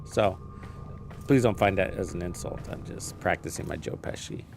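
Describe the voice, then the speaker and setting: A man live-streaming a game, chatting casually, thinking out loud and swearing freely as he learns the menus. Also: sits low, moderate pace, creaky, faint music behind.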